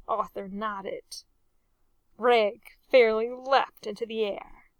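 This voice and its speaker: A woman reading a story aloud in a measured, expressive way. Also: a little high, no room sound. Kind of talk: storybook narration.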